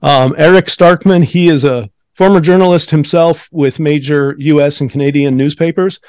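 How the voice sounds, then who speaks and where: A man's voice: a little high, steady tone, moderate pace, a little mellow, smooth, dry recording. A man hosting an interview podcast in an upbeat, friendly way, with frequent fillers. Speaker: podcast host.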